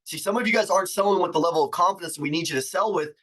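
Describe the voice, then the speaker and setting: Male sales coach co-host, emphatic and motivational, high bright voice. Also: very fast, rough recording. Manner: emphatic, fired-up, blunt with swearing. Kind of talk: motivational live-stream talk.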